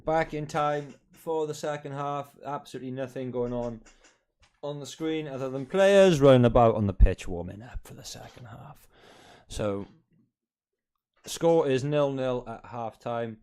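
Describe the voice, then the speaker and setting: A man's voice: mid-range voice, a little slow, a little mellow, clear, resonant tone. A man casually chatting on a live football watch-along stream from home, reading out scores, swearing now and then and teasing his viewers.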